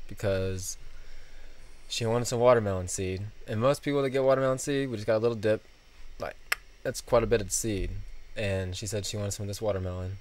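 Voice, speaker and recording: A man's voice: lowish voice, fairly quick, darkish tone, slight background noise. A man co-hosting a podcast, telling everyday work stories in casual chat and chuckling as he goes. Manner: chuckling anecdotal storytelling. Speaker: podcast co-host.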